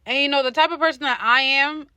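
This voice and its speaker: A bright, higher-pitched woman co-hosting a podcast in easy, slangy chat. She talks in an animated way and laughs often, and her voice is dry and close to the mic. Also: quick pace, dry recording. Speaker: podcast co-host. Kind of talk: casual chat.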